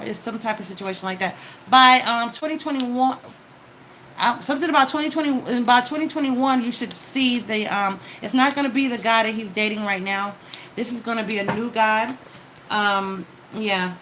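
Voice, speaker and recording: A woman's voice: on the high side, moderate pace, fairly bright tone, a little hiss or hum, low-quality recording. A woman giving a casual tarot reading, talking straight to the viewer with advice and frequent "okay?" check-ins. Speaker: tarot card reader.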